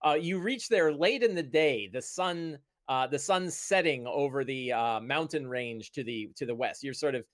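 A man narrating a tabletop game as game master, relaxed and descriptive, with many fillers. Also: medium pitch, normal speed, hardly any pauses, dry recording.

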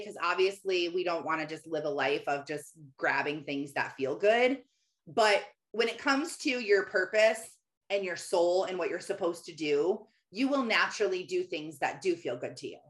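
A woman's voice: on the low side, fairly bright tone. Chatty woman giving faith coaching. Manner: chatty, encouraging, answers viewers by name, laughs often. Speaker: Christian mentor hosting a live session. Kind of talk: casual faith-based coaching talk.

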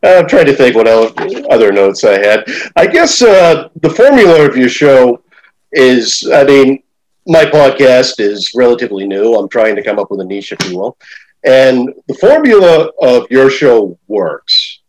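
A middle-aged man hosts a podcast interview in a casual chat, his mid-range voice sing-song and unhurried. He talks hesitantly and rambles, with plenty of fillers, and the recording quality is low.

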